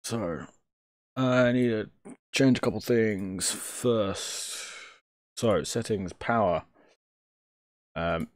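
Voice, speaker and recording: A man's voice: on the low side, drawn-out words, pauses often, no room sound. A young man streaming live, joking, swearing freely and thinking aloud as he works. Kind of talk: casual live-stream commentary.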